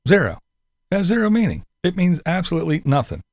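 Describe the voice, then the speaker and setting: A man with a high voice and wildly swooping pitch talks quickly, with no room sound. He's a livestream host answering chat in casual commentary, laughing through most sentences and swearing as he mocks his online viewers.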